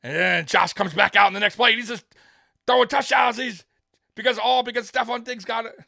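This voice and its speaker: Heated sports host, dry close sound. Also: male voice, very high-pitched, brisk, creaky, sharp tone, dry recording. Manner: heated, rambling, talks straight to viewers. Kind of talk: live sports fan commentary.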